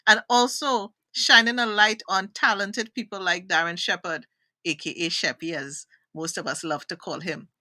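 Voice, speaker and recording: Bright-voiced Trinidadian woman host. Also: medium pitch, moderate pace, no room sound. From Trinidad and Tobago. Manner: enthusiastic, animated. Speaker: talk show host. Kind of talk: live online interview.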